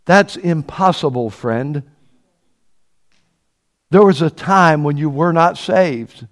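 Earnest preacher with a higher man's voice. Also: takes it slowly. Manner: earnest, preaching with rhetorical questions and builds to loud emphatic peaks. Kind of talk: sermon.

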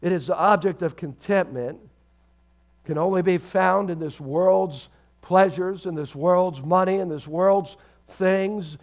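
High-voiced preaching man. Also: unhurried. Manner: preaching with call-and-response to the congregation; swings between loud emphatic bursts and low quiet asides. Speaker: pastor. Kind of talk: sermon.

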